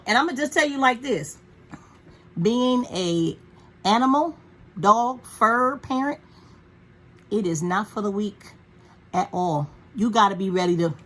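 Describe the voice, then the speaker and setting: A woman's voice: mid-range voice, a bit bright. A woman vlogging from home in a frank, profane, chatty way about caring for her dog. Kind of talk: casual rambling chat.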